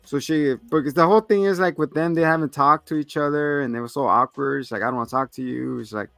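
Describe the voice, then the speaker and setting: A man's voice: fairly high pitch, fast, fairly bright tone, dry recording, soft background music. A man co-hosting a casual movie review, retelling scenes with quoted lines and frequent laughs. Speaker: co-host.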